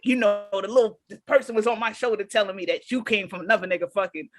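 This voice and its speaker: A woman co-hosting a casual podcast chat, telling animated stories full of slang and swearing. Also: medium pitch, quick pace, no echo, soft background music. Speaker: podcast co-host.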